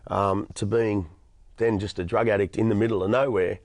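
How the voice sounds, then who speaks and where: Earnest Australian male guest in his thirties, gravelly voice, dry recording. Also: lowish voice, fairly even intonation, normal speed, a little mellow, dry recording. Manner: earnest, frequent restarts and stammers. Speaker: interview guest. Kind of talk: personal testimony in conversation.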